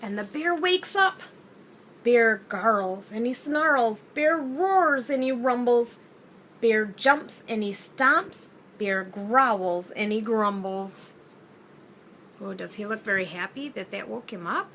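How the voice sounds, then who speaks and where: A woman teacher reading a children's picture book aloud in an expressive, sing-song way, asking her young listeners questions. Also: a little high, slow pace, slight background noise.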